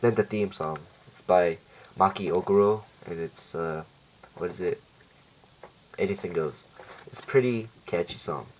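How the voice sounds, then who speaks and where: A man's voice: low voice, unhurried, long pauses, darkish tone, a little hiss or hum, rough recording. A man casually recapping a TV episode, rambling with lots of fillers and self-corrections. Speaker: show reviewer.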